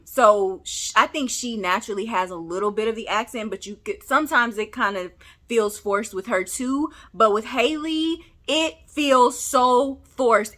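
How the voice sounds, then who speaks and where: A woman from Memphis with a Southern accent, recapping a TV episode in a sassy, animated, chatty way and talking straight to the viewer. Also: fairly high pitch. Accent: Southern American. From Memphis, Tennessee. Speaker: TV recap vlogger. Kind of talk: casual recap chat.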